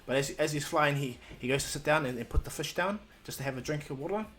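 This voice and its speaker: A man's voice: a little high, fast, a bit bright. A man casually telling a fan-made story, rambling with lots of fillers.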